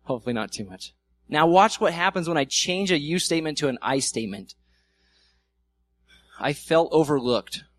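Pastor preaching in a chatty, playful manner. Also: male voice, on the high side, very animated, quick pace, fairly bright tone. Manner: conversational, acts out quoted arguments with humor. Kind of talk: sermon. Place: church.

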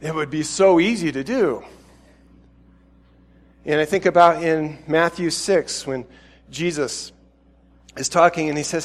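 A man's voice: fairly high pitch, a little slow, long pauses, long reverb tail. A man preaching a sermon in a casual, chatty and self-deprecating way.

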